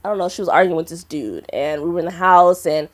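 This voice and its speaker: A young woman performing stand-up at an open mic speaks quickly in a fairly low voice. Her story comes out giggly and animated, punctuated by loud character voices, on a comedy club stage.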